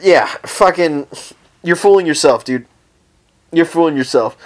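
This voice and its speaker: Brief: profane, rambling solo podcast host, slightly high-pitched man. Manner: profane, rambling, comic ranting. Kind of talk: casual solo podcast rant. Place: at home, lying down.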